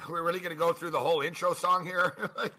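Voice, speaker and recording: A man co-hosting a casual sports podcast, talking quickly and animatedly and joking about himself. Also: a little high. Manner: animated, self-mocking, quick talker. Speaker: co-host.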